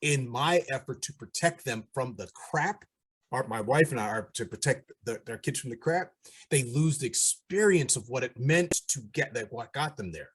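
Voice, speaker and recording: A middle-aged man on a discussion panel, telling animated stories and acting out the voices of people he quotes. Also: medium pitch, moderate pace, breathy edge.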